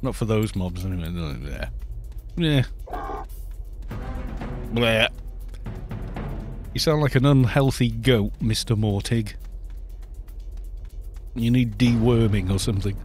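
Soft music plays behind a gaming streamer whose lowish, slightly mellow voice moves at a measured pace with frequent pauses. Talking into a desk mic during a casual live stream, he rambles from one story to the next, jokes around, and laughs at himself a lot in an easy, unscripted way.

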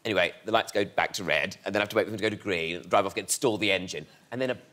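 A man's voice: sits low, very fast. A man telling comic stories as a guest on a chat show, camp and theatrical. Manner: camp, theatrical, animated storytelling with put-on voices. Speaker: comedian guest. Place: TV studio with live audience. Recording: loud audience laughter and noise.

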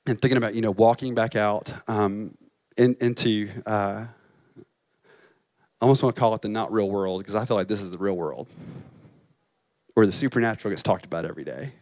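A man's voice: fairly low pitch, fairly quick, pauses often, a little mellow, dry recording. A man, a campus pastor, preaching a chapel sermon and telling a story with emotion, at times crying. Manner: emotional storytelling, voice rising and breaking.

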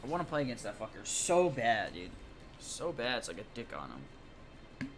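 A man's voice: mid-range voice, wildly swooping pitch, moderate pace, soft background music. A man streaming a live game, trash-talking and ranting in a profane, exasperated way. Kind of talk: live gaming commentary.

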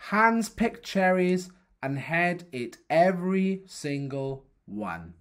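A storyteller reading a folktale aloud for primary pupils, in a careful, expressive way. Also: medium pitch, takes it slowly.

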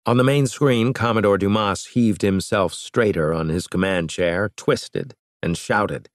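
A man's voice: on the low side, a little slow, few pauses, no echo. A man narrating a science fiction audiobook in a dramatic reading, close to the mic. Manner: dramatic reading with varied voices. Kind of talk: scripted narration.

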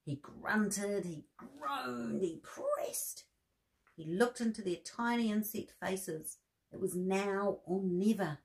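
A woman reading a bedtime story aloud to children, expressive, with soft gasps and friendly asides. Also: mid-range voice, measured pace.

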